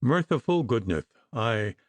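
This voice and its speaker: A man's voice: sing-song, takes it slowly, no room sound. Man playing a lisping, flustered plump apothecary. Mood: imploring. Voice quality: lisp. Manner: pleading, flustered, high-strung. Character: plump, timid male apothecary with a lisp.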